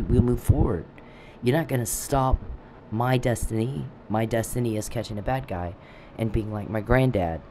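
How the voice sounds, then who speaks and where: A man's voice: lowish voice, poor audio. A man ranting bitterly in a monologue, speaking straight at an absent opponent. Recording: steady background noise.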